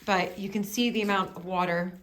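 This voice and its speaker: There's a little hiss or hum as a woman from the United States talks briskly at a medium pitch with a steady tone. She's behind a handheld camera in her house cellar, vlogging casually and sounding emotional, rambling and apologetic.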